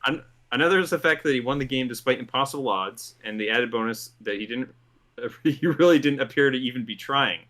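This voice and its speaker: A man's voice: medium pitch, fairly quick, fairly bright tone. A man hosting a commentary show, reading a script in an amused tone and laughing through his lines. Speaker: host.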